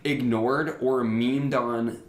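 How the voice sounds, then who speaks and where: Young man, podcast co-host, casual storytelling, animated, middle pitch, echoey room. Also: slow pace. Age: young adult. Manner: animated, mimics others in high voices, laughs often. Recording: roomy echo.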